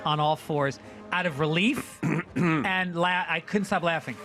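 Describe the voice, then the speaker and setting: A man's voice: fairly high pitch, measured pace, music in the background. A middle-aged man from New York, a comedian guest telling a funny story and acting out the people in it. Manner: animated, acts out the other people in the story. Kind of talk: comic storytelling.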